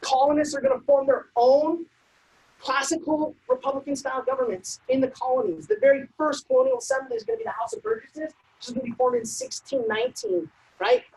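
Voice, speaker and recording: A woman presenting a civics workshop, lecturing in a brisk, conversational way with frequent ums and uhs. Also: high voice, animated, gravelly, a little mellow, rough recording. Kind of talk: informal lecture.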